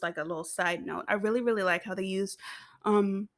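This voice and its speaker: A woman's voice: medium pitch, fairly even intonation, a little fast, fairly bright tone. A young American woman chatting casually as she recaps a TV show, laughing often and filling her talk with asides. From United States. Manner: giggly, chatty, lots of fillers and asides. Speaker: video host.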